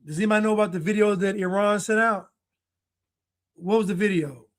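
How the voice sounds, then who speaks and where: A man with a notably high voice talks casually to his livestream audience. He muses aloud, trails off and restarts his thoughts, and reacts to the clips he plays. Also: fairly quick. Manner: chatty, musing, trails off and restarts. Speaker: livestream commentator. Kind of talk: casual live-stream commentary.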